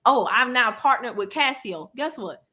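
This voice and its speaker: A woman hosting a casual livestream chat, animated and laughing, reading viewer comments aloud. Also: fairly high pitch, moderate pace. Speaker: livestream host.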